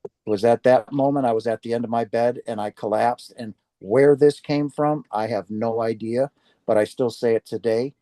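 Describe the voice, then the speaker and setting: A man recounts his near-death experience to an audience in a mellow, warm voice. He tells it earnestly and acts out his own reactions along the way. The sound is close and dry, with no room around it. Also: mid-range voice, fairly even intonation, moderate pace, dry recording. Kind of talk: personal testimony talk to an audience.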